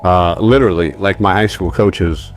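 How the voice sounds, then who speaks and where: Man, football coach, lowish voice, candid, searching for words, faint music. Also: moderate pace. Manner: candid, searching, restarts sentences. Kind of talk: casual conversation.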